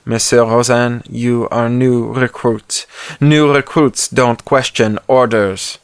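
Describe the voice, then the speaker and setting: A man voicing a hard, cruel army sergeant who gives orders slowly and coldly. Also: medium pitch, clear, resonant tone, no room sound, clean studio sound, pitched above the performer's own voice, close to an everyday voice. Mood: coldly stern. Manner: slow, measured, menacing.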